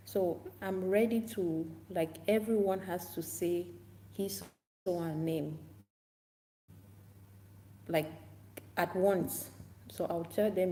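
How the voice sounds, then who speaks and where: A woman English teacher talks to camera at a slow, easy pace. Her voice is mellow and sits a little low, and she keeps repeating phrases and acting out classroom chants as she explains. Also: fairly even intonation, a little hiss or hum. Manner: unhurried and repetitive, demonstrating classroom chants aloud. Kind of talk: casual talk-to-camera tips.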